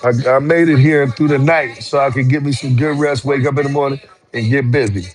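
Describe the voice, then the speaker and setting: A man, a former truck driver telling a story in casual, profane, animated talk with heated outbursts. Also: mid-range voice, brisk. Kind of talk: casual storytelling on a live stream.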